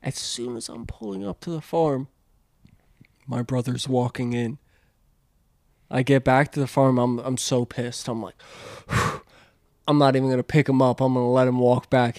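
A man's voice: medium pitch, a little mellow, dry recording, clean studio sound. A man telling a rambling story in casual chat, swearing, laughing and acting out what people said. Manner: swearing, laughing, acts out quotes.

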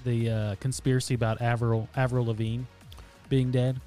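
A man's voice: mid-range voice, flat delivery, moderate pace, dark tone, soft background music. A man co-hosting a casual podcast, bantering in a laid-back, joking way. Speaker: podcast co-host.

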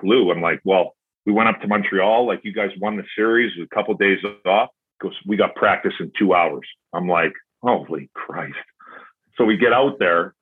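A man's voice: lowish voice, slightly rough. A man in his forties telling casual, rambling anecdotes as a podcast guest, acting out dialogue with "I'm like" and some swearing. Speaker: podcast guest, former pro hockey player. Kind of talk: casual storytelling. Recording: tinny phone-like line.

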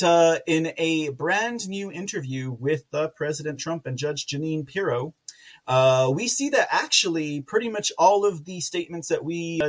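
A man hosting a casual political commentary livestream, rambling with many fillers and restarts, with sarcastic asides and loud laughs. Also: fairly high pitch. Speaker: podcast host.

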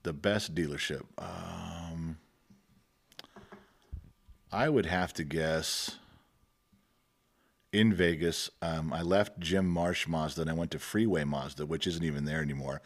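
Man, middle-aged, very deep voice, relaxed storyteller, chuckles often, podcast mic. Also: measured pace, pauses often. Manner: chuckles often, acts out quotes. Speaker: guest. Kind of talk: casual storytelling. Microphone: podcast microphone.

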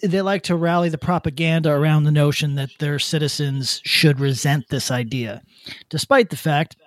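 A man co-hosting a podcast, ranting bluntly with swearing and halting restarts. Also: on the high side, no echo, clean studio sound. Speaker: podcast co-host. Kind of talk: casual opinion rant.

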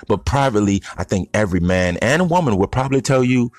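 A man's voice: mid-range voice, big pitch swings, brisk, hardly any pauses, darkish tone, dry recording, faint music behind. A man giving a blunt, rambling, casual opinion monologue to his audience of stoners. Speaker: vlogger addressing stoner audience.

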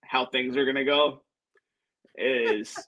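A man's voice: medium pitch, fairly even intonation, slow pace, bright, forceful tone, dull audio. A man talking casually about sports as a guest on a podcast, answering in an easygoing, agreeable way. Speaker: guest listener.

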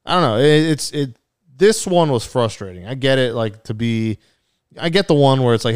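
A man's voice: medium pitch, expressive, moderate pace, smooth, no room sound. Ranting young man, dry close sound. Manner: profane, ranting, mocks people in put-on voices. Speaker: podcast co-host. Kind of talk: casual sports chat.

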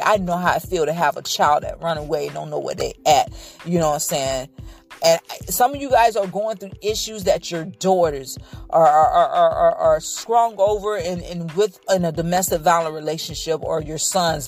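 A woman's voice: low-pitched, moderate pace, soft background music. A woman hosting a podcast sermon, preaching conversationally, speaking directly to her listeners and reading scripture aloud with hesitations. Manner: earnest, directly addresses listeners. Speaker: podcast host.

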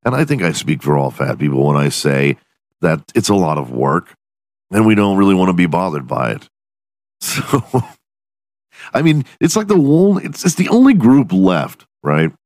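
A man's voice: low voice, sing-song, normal speed, darkish tone, no echo, clean studio sound. A man hosting a podcast alone in his room, delivering a profane, self-mocking comedic rant. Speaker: podcast host.

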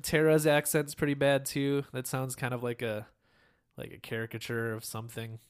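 A man co-hosting a podcast in casual chat, easygoing and quick to laugh. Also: medium pitch, completely flat delivery, clean tone. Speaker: podcast co-host.

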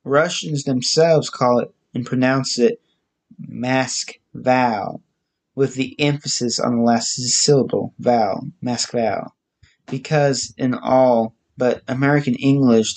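A man giving a casual, halting spoken movie review, listing facts with frequent restarts. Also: medium pitch, fairly even intonation, darkish tone.

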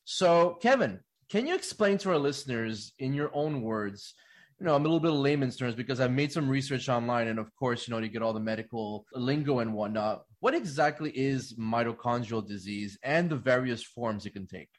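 A man's voice: medium pitch, animated, fairly quick. Rambling man hosting an interview. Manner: rambling, many fillers and false starts. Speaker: radio host.

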